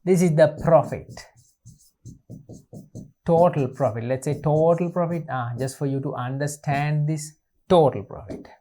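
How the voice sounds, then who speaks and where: A man's voice: a little high, a little slow, long pauses, dark tone. A man talks through an exam paper as a teacher. He repeats each point several times. He poses questions and answers them himself. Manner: repetitive, asks and answers his own questions. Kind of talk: recorded exam-paper lesson.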